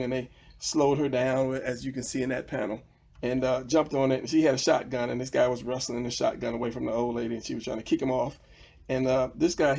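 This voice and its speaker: A man's voice: mid-range voice, creaky, a little mellow, breathy edge. A man casually teaching comic drawing, rambling with fillers and restarts as he walks through old pages. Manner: rambling, many fillers and restarts, retelling a story. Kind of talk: casual tutorial talk.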